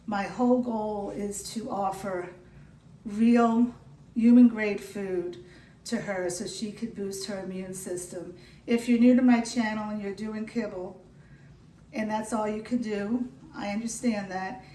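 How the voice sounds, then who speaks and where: A woman's voice: medium pitch, fairly even intonation, measured pace, warm tone, echoey room, far from the mic, slight background noise, poor audio. A woman with a New York accent hosting a home cooking video, chatty and reassuring as she walks through a recipe. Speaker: home cooking channel host. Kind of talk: casual cooking demonstration.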